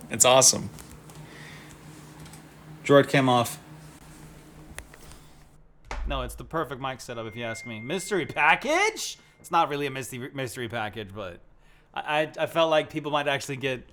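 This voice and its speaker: A young man casually chatting on a live stream from his home setup, gushing and excitable and swearing freely. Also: mid-range voice, slight background noise.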